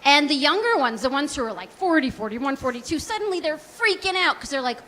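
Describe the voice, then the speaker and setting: A woman's voice: high voice, animated, a little fast, few pauses, bright, forceful tone, a little hiss or hum. A woman in her forties doing a stand-up comedy set, chatty and self-deprecating, full of likes and ums. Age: 40s. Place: small comedy club stage.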